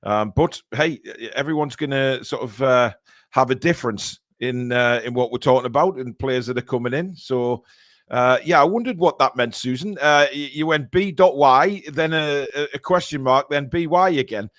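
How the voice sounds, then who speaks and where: A man's voice: medium pitch, moderate pace, fairly bright tone, no echo, studio quality. A man hosting a football podcast, reading chat comments with jokes and stammering restarts. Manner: jokey, hesitant, repeats words. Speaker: host.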